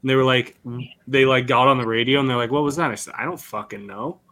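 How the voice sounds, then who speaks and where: A man's voice: medium pitch, flat delivery, quick pace, a bit bright. A man telling a rambling, profane story in casual podcast chat, laughing as he goes. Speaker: podcast co-host.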